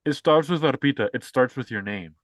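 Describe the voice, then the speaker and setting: A man's voice: medium pitch, lively intonation, brisk, dry recording. A young man co-hosting a casual political podcast, rambling with lots of "like" and sarcastic asides. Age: young adult. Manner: rambling, filler-heavy, sarcastic. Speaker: podcast co-host.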